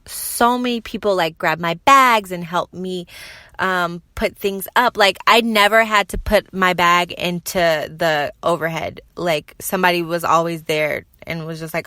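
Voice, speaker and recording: A young woman hosting her own podcast, chatting casually with lots of fillers and lively quoted voices. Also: medium pitch, moderate pace, no echo. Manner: chatty, lots of fillers, animated when quoting people. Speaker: podcast host. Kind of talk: casual solo podcast chat.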